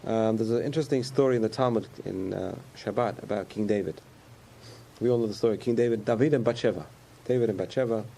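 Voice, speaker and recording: Gravelly man giving a casual sermon. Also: fairly low pitch, fast talker, warm tone, slight background noise. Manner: conversational, repetitive, chuckles often.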